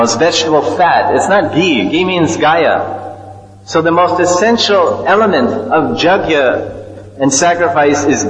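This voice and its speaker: A man's voice: a little high, fairly bright tone. A man giving a storytelling sermon, explaining terms and asking his listeners questions. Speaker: spiritual teacher. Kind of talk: sermon on scripture. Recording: echoey hall, dull lo-fi sound.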